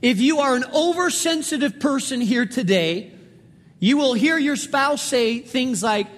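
High-voiced pastor preaching in a reverberant hall. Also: male voice, expressive, unhurried, a bit bright. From Spain. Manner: storytelling with emphatic repetition. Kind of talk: sermon.

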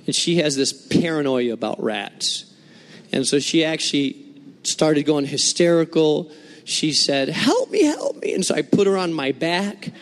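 A man preaching a sermon, explaining scripture and telling lively, humorous stories from his own life. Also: on the high side, measured pace, big-room sound. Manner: animated storytelling with humor. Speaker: pastor.

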